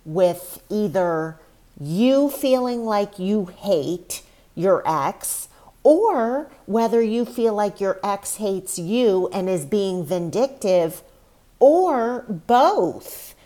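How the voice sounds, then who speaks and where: A woman's voice: medium pitch, mellow. A woman hosting her own podcast, talking on her own in a candid, chatty, emotional way. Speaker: podcast host. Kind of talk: solo podcast monologue.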